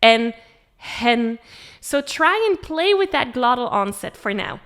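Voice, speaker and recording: A woman's voice: fairly high pitch, very animated, takes it slowly. A woman teaching a spoken singing lesson, friendly and encouraging, laughing now and then. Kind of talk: spoken vocal lesson with sung demonstrations.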